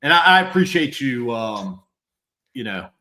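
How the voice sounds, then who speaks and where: A middle-aged man, a former police officer hosting a live show, talking candidly and bluntly with halting repeats and swearing. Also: mid-range voice, sing-song, sharp tone. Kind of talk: candid conversational chat.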